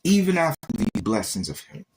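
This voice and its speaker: A man's voice: fairly high pitch, big pitch swings, fairly quick, a little mellow, breathy edge. A man on a livestream giving an intense, emotional faith testimony, repeating himself and acting out quoted exchanges.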